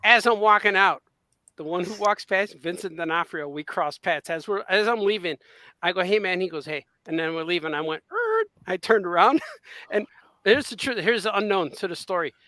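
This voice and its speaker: A man's voice: high-pitched, normal speed, pushed and bright, no room sound. A man co-hosting a podcast, telling an anecdote in a casual chat and acting out the quotes. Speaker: podcast co-host.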